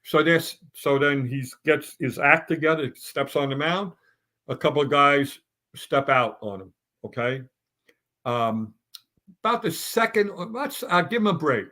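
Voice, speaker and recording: A man's voice: a little high, expressive, unhurried, sharp tone. A middle-aged man on a sports talk round table, ranting bluntly and stumbling through restarts as he builds his points.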